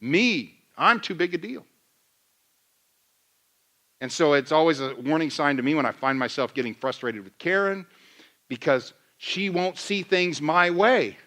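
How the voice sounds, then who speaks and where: A man's voice: fairly high pitch, normal speed, a bit bright. A middle-aged man preaching a sermon in a church, conversational and self-deprecating, acting out his own rants as examples. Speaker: pastor.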